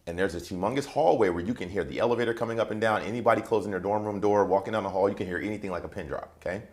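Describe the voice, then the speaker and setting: This is a man with a very deep, low voice. He is a guest on a TV interview set, telling his personal story with animated energy. He acts out the other people's voices as he goes. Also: rapid-fire. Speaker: transition coach, interview guest.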